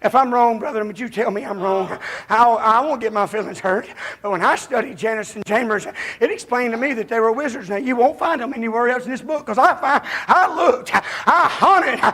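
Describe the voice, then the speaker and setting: A man preaching a revival sermon, folksy and given to sudden shouts. His voice sits very high and has a gravelly fry. It is bright yet husky. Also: moderate pace. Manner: folksy, breaks into shouts and chuckles.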